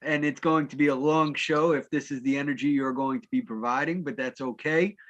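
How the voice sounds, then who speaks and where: A man's voice: mid-range voice, fairly even intonation, brisk, fairly bright tone, dull audio. A man hosting a live sports talk show, bantering with his co-host in a playful, mock-formal way.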